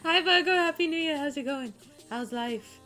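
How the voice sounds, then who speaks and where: A young woman chatting casually on a live stream, bubbly and warm with her viewers, greeting them one by one. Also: high-pitched, moderate pace, soft background music.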